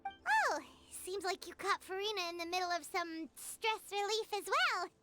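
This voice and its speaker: A woman's voice: extremely high pitch, lively intonation, normal speed, full character voice. A woman voicing Paimon, a tiny, chatty, nosy companion girl who refers to herself in the third person. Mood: curious. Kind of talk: game dialogue voice acting. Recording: game cutscene with loud music.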